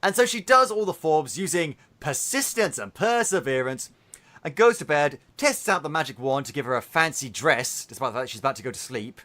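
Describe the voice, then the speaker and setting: Lively, bright-voiced man ranting on a podcast. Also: a little high, brisk. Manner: animated, swearing, exaggerated retelling. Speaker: podcast host. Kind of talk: casual podcast review.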